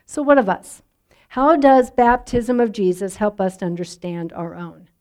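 Woman pastor, sermon, measured and reflective, soft endings. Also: mid-range voice, lively intonation.

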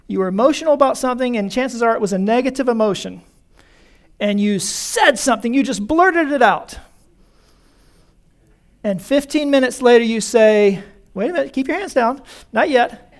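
A male pastor preaching a conversational sermon in a church, calling his congregation folks. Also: very high voice.

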